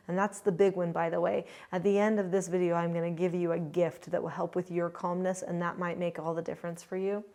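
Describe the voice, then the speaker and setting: Chatty middle-aged woman parenting coach. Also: medium pitch. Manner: earnest, chatty, with lively quoted asides. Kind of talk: casual instructional talk to camera.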